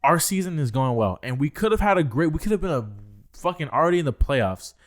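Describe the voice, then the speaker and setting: A man's voice: fairly high pitch, lively intonation, quick pace. A young man co-hosting a podcast, ranting heatedly with heavy swearing. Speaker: podcast co-host. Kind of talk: casual chat.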